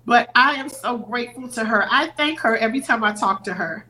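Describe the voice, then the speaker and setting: Podcast guest, woman, middle-aged, slightly high voice, earnest and teary storytelling. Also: a little fast, bright, forceful tone, a little hiss or hum, rough recording. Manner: earnest, acts out quoted voices. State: teary-eyed. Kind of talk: emotional storytelling.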